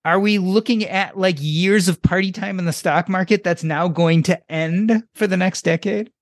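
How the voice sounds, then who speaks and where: A man's voice: sits high, normal speed, no echo, clean studio sound. A man hosting a podcast interview, asking probing questions in a casual way. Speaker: podcast host.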